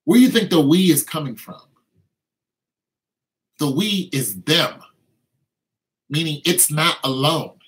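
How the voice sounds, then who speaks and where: An emphatic man delivering an informal sermon. His voice sits a little above the usual male pitch. He repeats points and slips into imitations of tempting voices, with phrasing. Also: lively intonation, slow, pauses often, poor audio. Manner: emphatic, repetitive, acts out tempting inner voices. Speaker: preacher.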